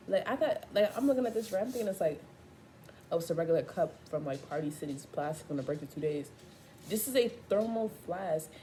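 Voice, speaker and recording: A woman's voice: on the low side, fairly quick, a little hiss or hum. An eighteen-year-old woman chatting casually to camera in a vlog, telling stories with a lot of slang and swearing. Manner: profane, animated storytelling with slangy asides. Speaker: vlogger.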